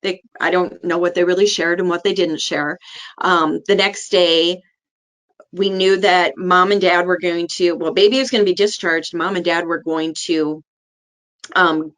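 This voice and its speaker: Earnest middle-aged woman, lowish voice. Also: fairly bright tone. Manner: earnest, acts out the people in her story. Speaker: neonatal nurse practitioner guest. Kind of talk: personal storytelling in an interview.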